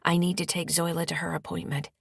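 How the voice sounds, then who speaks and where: A woman's voice: lowish voice, flat delivery, fast talker, vocal fry, slightly rough, dry recording, clean studio sound. A woman voicing a worried husband's text message in an audiobook. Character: worried husband texting his wife.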